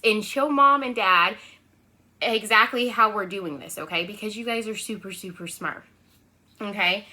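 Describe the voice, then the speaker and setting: A woman leads a remote lesson for preschoolers, her voice bright and ringing. She keeps a bouncy, sing-song lilt and tosses a coaxing "right?" to the children every few phrases. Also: medium pitch. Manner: lively sing-song, constant "right?" check-ins. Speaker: preschool teacher.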